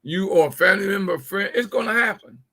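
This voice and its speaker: This man hosting a political livestream speaks quickly in a high-pitched, pushed, bright voice. He drives his points home to viewers with emphasis, often repeating words along the way.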